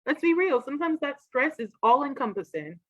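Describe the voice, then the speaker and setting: Lively woman giving a livestream talk. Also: sits high, a little fast, dry recording, muffled recording. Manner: lively, animated, acts out quoted voices. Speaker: trauma expert giving a talk.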